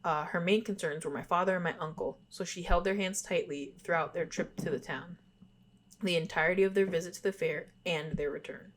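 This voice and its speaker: Young woman podcast cohost, lowish voice, reading creepy stories, giggles and says sorry a lot. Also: fairly quick, a little hiss or hum. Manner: giggly, apologetic about stumbles while reading. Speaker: podcast co-host. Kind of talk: reading spooky stories aloud, casual chat.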